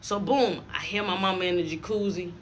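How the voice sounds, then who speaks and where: A man's voice: high voice, brisk, slight background noise. A young man telling a story from his past in a storytime vlog, acting out each person's voice. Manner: animated, acts out every voice.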